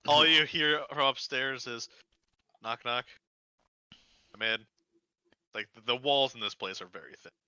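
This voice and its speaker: A man's voice: medium pitch, unhurried, pauses often, pushed and bright, clean tone, no echo, low-quality recording. A man narrating as game master of a tabletop game, loose and stumbling over his words.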